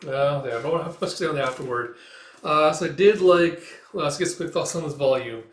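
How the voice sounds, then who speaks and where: A man's voice: a little high, a little fast. Guy rambling through a manga read, lots of fillers, echoey room. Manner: rambling, full of fillers like "it's like". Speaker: comic reader.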